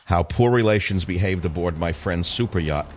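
Deep-voiced man ranting on talk radio. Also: moderate pace, muffled recording, a little hiss or hum. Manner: sarcastic, indignant, ranting. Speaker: radio talk show host. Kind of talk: combative talk radio monologue.

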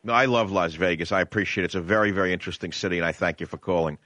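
Brash New York talk radio host. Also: male voice, low voice, bright, forceful tone, no room sound. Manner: brash, conversational, drawn-out emphasis. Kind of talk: opinionated talk radio monologue. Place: radio studio. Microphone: studio condenser microphone.

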